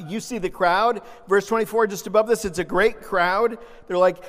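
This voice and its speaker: A man preaching a sermon, animated, swinging between loud emphasis and soft, gentle asides. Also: sits high, moderate pace, hardly any pauses. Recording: long reverb of a large hall.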